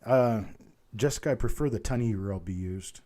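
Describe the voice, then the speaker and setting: Dude hosting a live coin auction, calling bids fast and chatting with folks, super dark mellow voice, bit worn out. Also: male voice, on the low side. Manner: rattles off bid calls fast, chats with viewers by name. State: voice strained from talking.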